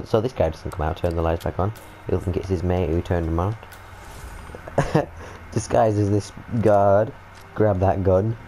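A young British man commentating on his gameplay in a lowish voice, excitable and full of swearing and jokes. He jumps from mutters to yelps as the game goes wrong, with faint background noise behind him. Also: poor audio. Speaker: gaming video host. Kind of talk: let's-play commentary.

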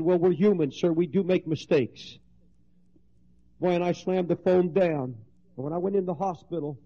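A middle-aged male preacher delivering an impassioned sermon, swinging from loud exclamations to hushed storytelling. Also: on the high side. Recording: dull lo-fi 1970s sermon recording.

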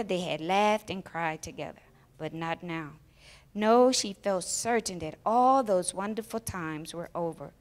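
A woman telling a children's story aloud during a church service, with expressive, emotional storytelling. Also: mid-range voice.

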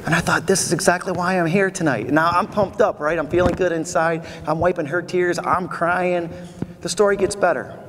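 High-voiced energetic man in a big hall. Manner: energetic, animated storytelling with audience call-and-response. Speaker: motivational keynote speaker. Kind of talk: motivational keynote speech. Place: large convention hall. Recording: echoey convention hall, faint noise.

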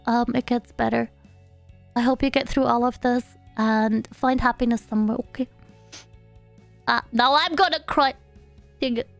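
A woman's voice: a little high, dry recording. Chatty young woman streaming a game. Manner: chatty, playful and sympathetic, talking to chat. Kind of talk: casual live-stream chat while gaming. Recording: dry close mic, faint background music.

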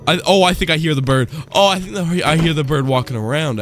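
Casting: jumpy young male gaming YouTuber, slightly high voice, easily spooked, profane. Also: brisk, few pauses, soft background music. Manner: jumpy, excitable, swears a lot. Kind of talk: gameplay commentary.

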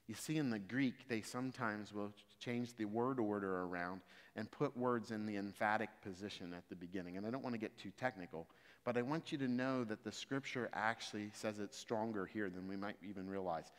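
Man preaching in an echoing hall. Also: lowish voice. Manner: builds from quiet explaining to loud emphatic exhortation. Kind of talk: sermon. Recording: reverberant hall.

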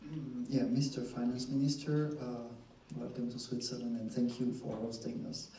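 A man in the audience politely asking a measured question of a minister at a forum. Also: medium pitch, flat delivery. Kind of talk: formal question from the floor. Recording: very echoey hall, distant mic, faint noise.

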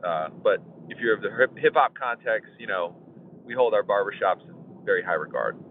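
A man's voice: lowish voice, expressive, brisk. Forties guy hosting a podcast, laid-back, chuckling, tinny phone sound with faint hiss. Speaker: podcast host. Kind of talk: casual podcast chat.

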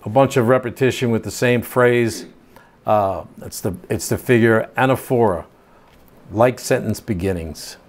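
A man's voice: medium pitch, a little slow. Older man teaching a Bible study. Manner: reads scripture aloud, then explains in plain casual asides.

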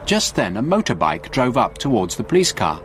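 A man narrating a graded English story for learners in a slow, clear reading voice. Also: mid-range voice, wildly swooping pitch, background noise.

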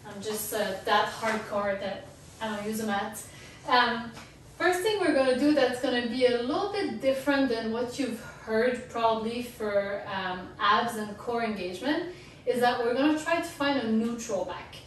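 A young woman teaching an online dance workshop, coaching core exercises in a relaxed, chatty way with little jokes. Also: a little high, normal speed, a little hiss or hum. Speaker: dance instructor. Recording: roomy echo, distant from the mic.

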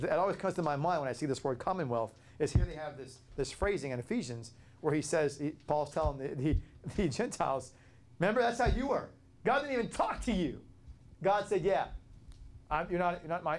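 A man from Florida teaching an informal Bible study, conversational and animated, asking rhetorical questions and often restarting his words. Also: medium pitch. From Florida, USA. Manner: repeats and restarts words while thinking.

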